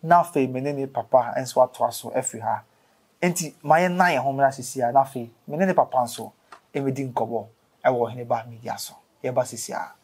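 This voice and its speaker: A man's voice: mid-range voice, brisk, husky. A Ghanaian man hosting an interview, opening the show and asking short follow-up questions. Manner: brief prompts and follow-up questions.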